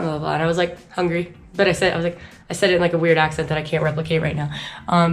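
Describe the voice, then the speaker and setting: A young woman from the United States tells her travel story to the camera at a rapid clip. Her voice sits a little low, and she talks in a loose, chatty way, acting out the lines of the people she met. Quiet music plays underneath. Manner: chatty, animated, lots of "like" and acted-out quotes. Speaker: travel vlogger. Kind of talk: casual storytelling vlog.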